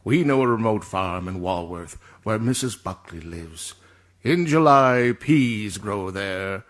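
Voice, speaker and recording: A man's voice: fairly low pitch, expressive, slow pace. A man doing a pompous Orson Welles, indignant. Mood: announcing. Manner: imperious, indignant, fussy over word readings. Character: pompous irritable male star actor recording ads. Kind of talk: comedic voice-over session re-enactment.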